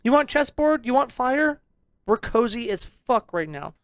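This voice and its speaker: A young man rants on a podcast with a loud, jokingly abrasive edge. He swears freely and teases his listeners. The recording is close and dry. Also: very high voice, big pitch swings, unhurried, dry recording. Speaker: podcast co-host. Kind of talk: casual ranting review chat.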